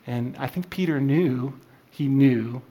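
Halting, conversational man teaching scripture. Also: medium pitch, highs cut off. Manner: halting, many fillers and restarts, conversational. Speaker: Bible study teacher. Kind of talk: informal Bible teaching.

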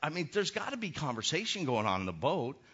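A middle-aged man preaching a sermon as pastor, animated and acting out the voices he quotes. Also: a little high, quick pace, slightly rough. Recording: muffled lo-fi sermon recording.

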